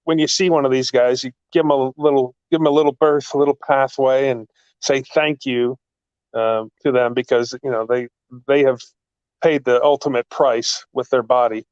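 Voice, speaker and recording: A man telling wrestling stories in a casual chat, excitable and rambling, his pitch jumping up in the story. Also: moderate pace, smooth, dry recording, lo-fi sound. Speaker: guest, actor and former wrestling manager.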